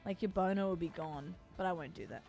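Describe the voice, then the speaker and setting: A woman's voice: lowish voice, fast, vocal fry, dark tone, faint music behind. A young Australian woman chatting with her viewers as she plays, playful and familiar, calling them doll and babe. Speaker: streamer. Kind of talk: casual live-stream chat while playing.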